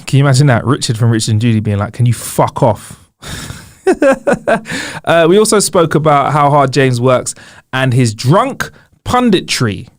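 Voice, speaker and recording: Teasing podcast host with a lively voice. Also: male voice, medium pitch, moderate pace. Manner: teasing, laughs along, chatty. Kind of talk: casual chat.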